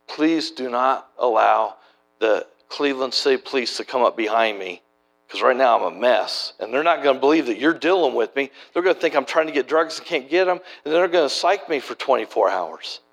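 A man's voice: mid-range voice, lively intonation, a little fast, gravelly. A middle-aged man preaching a sermon, telling stories in a folksy, conversational way with many restarts. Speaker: preacher and church planter. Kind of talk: sermon storytelling.

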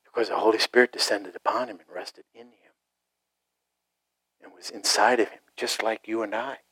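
A middle-aged man preaching a sermon to a congregation, animated, acting out short mocking voices and asides. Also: on the low side, normal speed, husky, poor audio. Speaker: pastor.

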